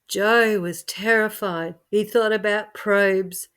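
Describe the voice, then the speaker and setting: Woman narrator, dramatic storytelling, unhurried, lowish voice. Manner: expressive, swings from hushed to loud.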